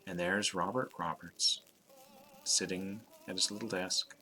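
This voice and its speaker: Slow, deep-voiced man running a game. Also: steady tone, background noise. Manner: hesitant, with many fillers and restarts, slowing for dramatic description. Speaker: game master. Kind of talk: narrating a tabletop game.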